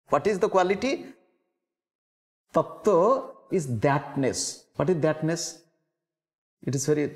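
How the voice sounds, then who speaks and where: A man giving a spiritual lecture, speaking slowly and deliberately and repeating key words. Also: a little high. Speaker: spiritual teacher. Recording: long hall reverb.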